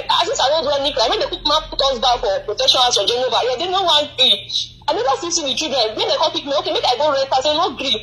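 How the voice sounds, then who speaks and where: A woman's voice: sits high, bright, forceful tone, rough recording. A young woman from Nigeria with a Nigerian Pidgin accent, calling in and pleading in distress. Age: young adult. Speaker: caller. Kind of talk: phone call appeal.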